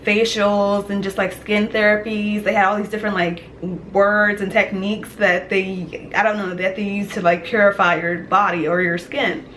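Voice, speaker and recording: A young woman telling a dream story in casual vlog style, animated and chatty, with many "like" fillers. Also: mid-range voice, moderate pace, a little hiss or hum. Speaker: vlogger.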